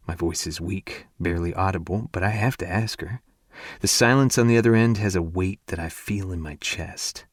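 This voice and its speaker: A man narrating a first-person romance audiobook in an intimate, hushed and breathy way. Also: low voice, normal speed, dry recording, studio quality.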